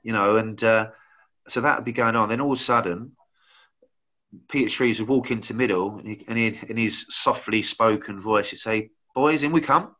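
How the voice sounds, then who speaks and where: A middle-aged man with a bright, forceful tone and a slightly low voice, telling old stories in a loose, rambling way. He leans heavily on "you know" as he talks. The audio sounds dull and lo-fi. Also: fairly even intonation, moderate pace. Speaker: former footballer guest. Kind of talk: casual anecdote-telling.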